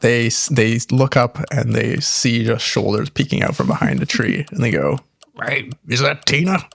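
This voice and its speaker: A man's voice: mid-range voice, sing-song, moderate pace, vocal fry, slightly rough. Jokey male podcast co-host. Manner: jokey, mock-outraged. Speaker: co-host, game master. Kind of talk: casual podcast chat, game narration.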